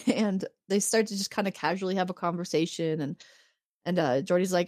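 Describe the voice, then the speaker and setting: A woman's voice: mid-range voice, brisk, no echo, clean studio sound. A woman co-hosting a podcast, casually retelling a TV episode, acting out the characters' lines and laughing often. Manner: animated storytelling, acts out quotes, laughs often. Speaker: podcast co-host recapping an episode. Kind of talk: casual chat.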